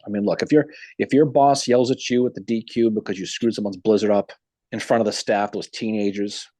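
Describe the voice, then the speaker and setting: A man talking casually on a video call, telling history stories with lively acted-out quotes. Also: on the low side, fairly quick, dry recording. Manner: animated storyteller, acts out quotes.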